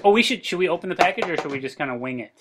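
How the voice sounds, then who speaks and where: A man's voice: high voice, lively intonation, rapid-fire, crowd noise. A man hosting an improv comedy show, playing the straight man with lots of ums and false starts. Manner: hesitant, filler-heavy, playing the straight man. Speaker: host. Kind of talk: improv comedy podcast chat.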